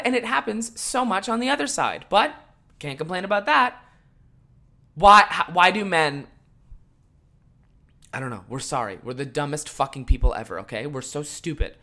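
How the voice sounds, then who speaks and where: Young guy ranting on his podcast, cursing, goes from mumbling to yelling. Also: fairly high pitch, sing-song, moderate pace, long pauses. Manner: swings from mumbled asides to loud exasperated outbursts, swears a lot. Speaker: podcast host. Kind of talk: casual podcast rant.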